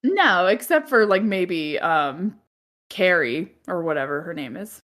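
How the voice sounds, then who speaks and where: A woman's voice: fairly low pitch, lively intonation, a little slow, fairly bright tone. A woman co-hosting a movie podcast, chatting casually, often groaning and laughing. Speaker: podcast co-host.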